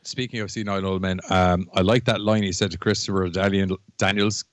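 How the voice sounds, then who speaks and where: A man's voice: sits low, steady tone, a little fast, no echo. A man co-hosting a casual chat. He banters, teases and laughs often. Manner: laughing, teasing, playfully petty. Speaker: podcast co-host.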